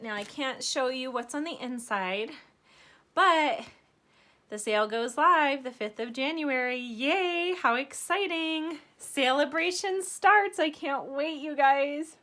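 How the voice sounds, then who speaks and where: A young woman vlogging an unboxing from her floor at home, gushing and bubbly, saying again and again how excited she is. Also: a little high. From Arizona, United States. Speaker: craft vlogger. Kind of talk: unboxing vlog.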